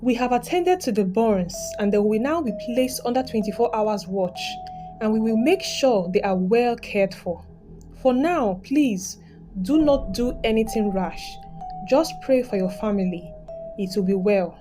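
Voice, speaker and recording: A woman voicing a calm, reassuring hospital doctor in a narrated storybook tale. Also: fairly high pitch, unhurried. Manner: calm, soothing. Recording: background music.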